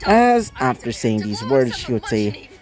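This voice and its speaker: A man's voice: mid-range voice, big pitch swings, measured pace, music in the background. A man improvising a fan-made crossover story aloud, rambling with many fillers and restarts.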